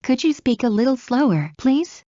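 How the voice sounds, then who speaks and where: A woman's voice: sits high, big pitch swings, mellow, no echo. Woman reading phrases, dull lo-fi sound. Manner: clear, measured, evenly paced reading. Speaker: English phrase reader. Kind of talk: slow read-aloud phrase drills. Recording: dull lo-fi recording.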